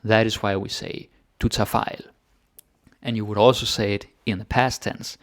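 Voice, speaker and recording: Man, low gravelly voice, dry close sound, casual chatty teaching. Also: normal speed, no echo. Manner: relaxed, chatty, thinks aloud with fillers. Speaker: Danish language teacher. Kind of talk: casual grammar lesson.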